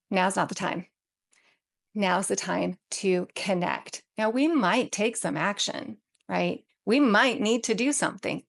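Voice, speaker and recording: Woman, mid-pitched voice, calm, steady, coaching, direct-to-camera advice talk. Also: gravelly. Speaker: parenting advice vlogger; social work background.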